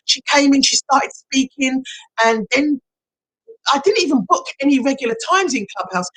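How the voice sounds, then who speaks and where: A middle-aged woman hypnotherapist giving an effusive, emotional coaching pitch on a livestream. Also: a bit bright, no room sound, rough recording.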